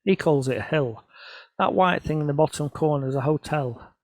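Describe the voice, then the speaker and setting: A man's voice: fairly high pitch, moderate pace, no echo. A middle-aged man, telling self-deprecating stories about his photographs to an audience. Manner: storytelling, self-deprecating, quoting others in voices. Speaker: photographer presenting his work. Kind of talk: casual anecdotal talk to an audience.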